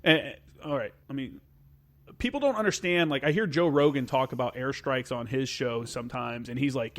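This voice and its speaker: A man's voice: mid-range voice, moderate pace, fairly bright tone. A man talking as a podcast guest in casual chat, rambling with lots of fillers. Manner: rambling, filler-heavy, loose.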